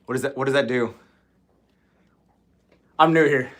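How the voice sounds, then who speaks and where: A man's voice: medium pitch, unhurried, a bit bright. A man hosting a casual livestream chat, ranting with lots of swearing and laughing often. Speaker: livestream host.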